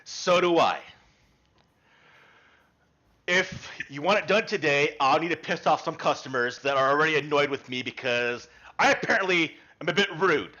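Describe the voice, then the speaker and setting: A man's voice: fairly high pitch, moderate pace, bright, forceful tone, dull audio. A man voicing a rude male village blacksmith who talks bluntly and curtly, grumbling at customers. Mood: gruff.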